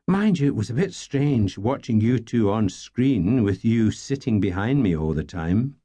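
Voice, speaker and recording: An outspoken young woman, voiced by a male narrator in an audiobook. The voice is lifted and lighter, lively in its rise and fall. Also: on the low side, measured pace, no echo. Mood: curious.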